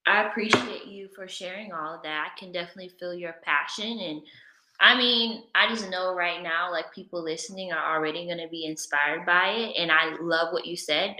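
A woman's voice: fairly low pitch, sharp tone, roomy sound, low-quality recording. A woman hosting a podcast interview, affirming and encouraging her guest. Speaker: podcast host.

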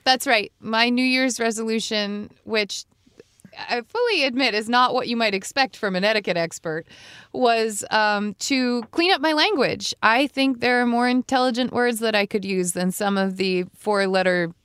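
Etiquette lady on a podcast, chatty, laughs a lot, a bit high, dry close mic. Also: moderate pace, a bit bright, smooth, dry recording. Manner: laughs often, self-deprecating. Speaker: co-host, etiquette expert. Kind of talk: casual podcast chat.

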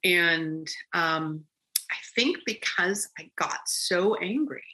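A woman guest recounting a personal experience in conversation, animated and rambling with frequent restarts. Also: lowish voice, takes it slowly, poor audio.

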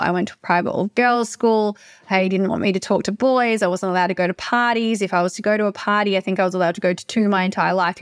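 A young woman telling a personal story on a podcast, emotional and confessional, often repeating herself in quick bursts. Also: mid-range voice, dry recording, clean studio sound. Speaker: podcast host.

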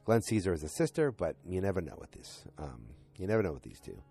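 Husky low-voiced man rambling through a recap. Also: very animated, fast, warm tone. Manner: rambling retelling full of fillers and "he's like". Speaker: podcast host recapping a TV episode. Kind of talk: casual episode recap.

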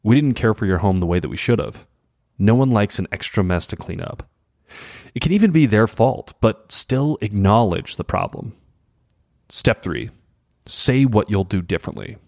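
A middle-aged man reading an article aloud in a calm, measured way, acting out short quoted examples. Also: lowish voice, no echo, studio quality. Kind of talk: scripted narration.

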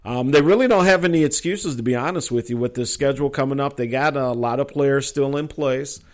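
A man's voice: medium pitch, brisk. A middle-aged man from Minnesota hosting a live sports talk show, chatty and rambling with lots of fillers.

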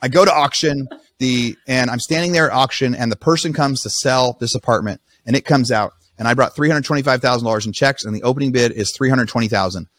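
A man, a podcast guest, telling his own story in a casual, animated way, often breaking off and restarting his sentences. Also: mid-range voice, no room sound. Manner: rapid, animated retelling with restarts.

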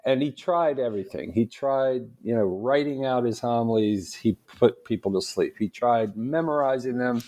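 Brief: male guest, energetic raconteur, middle-pitched, casual. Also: moderate pace, few pauses. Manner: lively joke-telling, animated, laughs often. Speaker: guest apologist. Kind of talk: casual storytelling interview.

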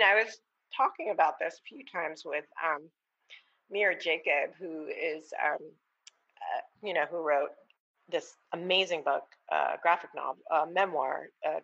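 A woman author, a guest on an interview podcast, talking casually and thoughtfully, with halting restarts. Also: low voice, gravelly, a bit bright, slightly rough, lo-fi sound. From United States.

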